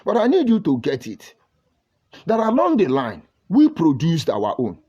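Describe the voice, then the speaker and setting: In dull lo-fi audio, a man with a Nigerian accent, a commentator, gives a fiery, scolding monologue built on rhetorical questions. His voice is a little high and dark, slightly rough, moving at normal speed with huge swings in pitch.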